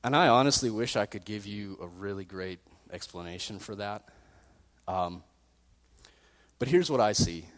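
Casual young youth pastor preaching in a hall. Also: male voice, on the low side, lively intonation, normal speed, a bit bright. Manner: casual storytelling preaching, self-deprecating. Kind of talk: sermon. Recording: long reverb in a hall.

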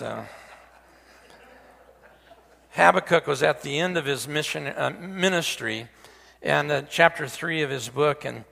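A male preacher with a somewhat high, bright, gravelly voice delivers a folksy sermon full of asides. He backs up and restarts phrases as he goes. His voice rings out with a long reverb through a church sanctuary. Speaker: pastor.

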